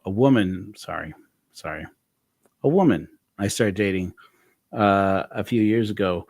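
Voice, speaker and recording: A man's voice: fairly low pitch, no echo. Rambling man hosting a casual chat. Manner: rambling, self-correcting, animated storytelling. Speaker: host.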